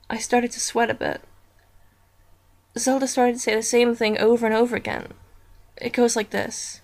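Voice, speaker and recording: A woman reading a horror story aloud as narrator, in a slow, deliberate storytelling manner. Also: on the high side, flat delivery, darkish tone.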